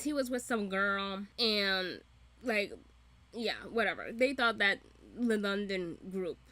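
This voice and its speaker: A woman recaps and reacts to a TV drama in loose, casual talk full of swearing and bursts of laughter. Her voice is bright and forward. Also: mid-range voice. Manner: profane, laughing, animated storytelling. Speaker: reaction vlogger.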